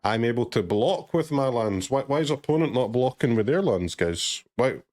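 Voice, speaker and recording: A man's voice: medium pitch, animated, moderate pace, darkish tone. A man from Glasgow streaming a card game and chatting sarcastically, joking and swearing freely in a neutral streamer voice. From Scotland, Glasgow. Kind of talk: casual commentary while gaming.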